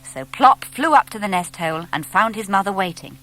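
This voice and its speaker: A woman narrating a children's storybook in a gentle, expressive reading. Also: mid-range voice, brisk. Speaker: audiobook narrator.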